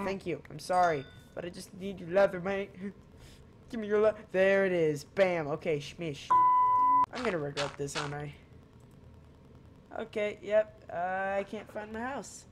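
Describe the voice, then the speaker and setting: Slow, rambling male gamer. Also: high-pitched, background noise. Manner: rambling, jokey, talks to the viewers and his cat. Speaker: gaming channel host. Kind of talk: casual gameplay commentary.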